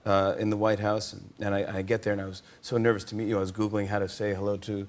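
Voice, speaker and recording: Excitable talk show host, stumbling laugher. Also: male voice, fairly low pitch, fast. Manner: excited and self-mocking, stumbling over words and laughing. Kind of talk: casual chat, telling a story to a guest. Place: TV studio.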